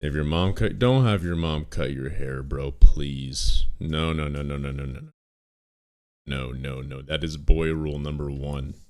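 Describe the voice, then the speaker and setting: A young man chatting casually on a livestream in a deadpan, joking way, sometimes dropping words even lower for laughs. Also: a little slow.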